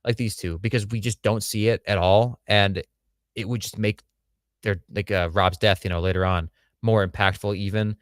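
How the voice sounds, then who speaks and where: A man's voice: lowish voice, steady tone, moderate pace, no room sound, studio quality. A man co-hosting a casual show review livestream, blunt and crude with joking asides. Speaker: podcast co-host.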